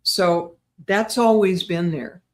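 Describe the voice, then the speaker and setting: An older woman, a guest on an interview show, chatting in a lively way and often checking in with "right?". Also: lowish voice, slow pace. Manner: chatty, animated, tags lines with "right?". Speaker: guest psychic medium. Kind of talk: casual storytelling interview.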